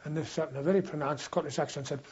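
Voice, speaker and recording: A man's voice: on the high side, racing, a little mellow, dull audio, slight background noise. An older man, a war veteran, recalling old times in a rambling, anecdotal way for an oral history interview. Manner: rambling anecdotal storytelling, frequent restarts.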